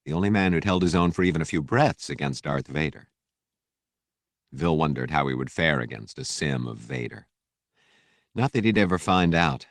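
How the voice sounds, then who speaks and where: A man narrating an audiobook in a steady, measured storytelling voice. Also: extremely low pitch, no room sound, studio quality. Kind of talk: scripted narration.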